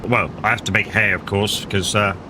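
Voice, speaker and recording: A man's voice: fairly low pitch, steady tone, moderate pace, noisy background. A man streaming a farming game live, chatting casually with viewers, laid-back and swearing freely. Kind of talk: casual live gameplay chat.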